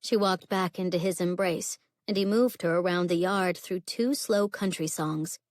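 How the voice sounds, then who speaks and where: A woman narrating a contemporary romance audiobook in a steady, even storytelling voice. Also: fairly low pitch, moderate pace, no room sound. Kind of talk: scripted narration.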